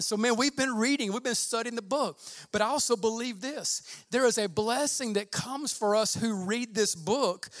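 Fervent high-voiced male pastor preaching. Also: normal speed, dry recording, clean studio sound. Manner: fervent, exclaims "man" often, swells loud on scripture. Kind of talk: sermon.

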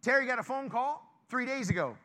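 Bright, high-voiced preaching man. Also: fairly quick. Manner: lively, conversational, joking with the congregation. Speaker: pastor. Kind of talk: informal sermon to a congregation.

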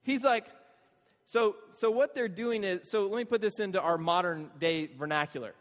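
A man preaching a conversational sermon, animated and asking the listeners rhetorical questions. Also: high voice, moderate pace, big-room sound. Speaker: pastor.

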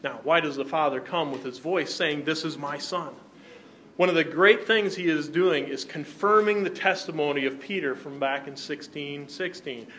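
A man's voice: on the high side, moderate pace, fairly bright tone, a little hiss or hum. A man teaching a Bible class, who keeps checking in with his listeners by asking "right?" and putting questions to the group.

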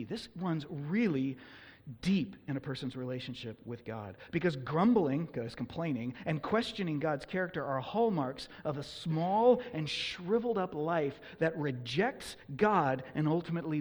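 Male pastor, animated sermon delivery, slightly high voice, long reverb of a big hall. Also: moderate pace, husky. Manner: animated, acts out quoted complaints.

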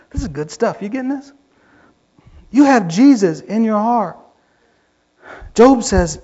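High-voiced fervent preacher. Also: male voice, a little slow, long pauses, dull audio. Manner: fervent, rising to yelling when excited. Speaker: pastor. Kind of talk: sermon.

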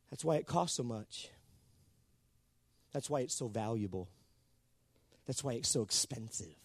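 A man preaching a sermon in an animated way, calling on the congregation for answers. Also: mid-range voice, takes it slowly, long pauses, breathy edge, no echo. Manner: animated, calls for responses from the congregation.

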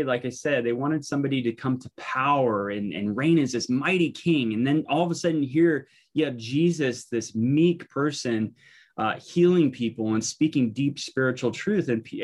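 Casual, rambling male Bible teacher. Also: medium pitch. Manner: informal, thinking aloud, frequent fillers and restarts.

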